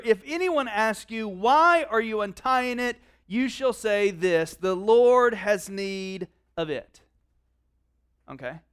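A man preaching a casual sermon, reading scripture aloud and slipping into quiet conversational asides. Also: sits high, clean tone. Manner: conversational, drops to quiet asides, many "like" fillers.

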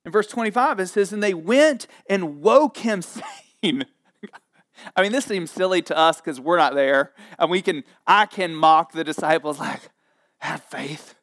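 A man preaching a sermon in a lively, jokey way, acting out the people in the story. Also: high voice, normal speed. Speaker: pastor.

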